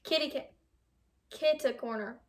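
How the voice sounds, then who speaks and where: A woman's voice: sits high, measured pace. Young woman reading quiz questions aloud. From United States. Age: young adult. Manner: reads questions aloud, stumbles over words. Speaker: vlogger.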